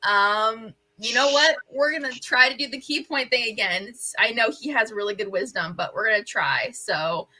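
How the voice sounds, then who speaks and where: Bright-voiced woman player. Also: a little high, moderate pace, hardly any pauses, rough recording. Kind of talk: tabletop game play.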